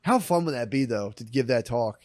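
A man's voice: mid-range voice, lively intonation, a little fast, a little mellow, no room sound. A man in casual comedy chat, crude and laughing as he acts out quotes.

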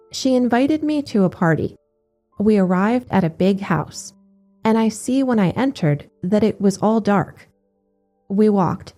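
A woman giving a steady, measured scripted narration of religious accounts. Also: medium pitch.

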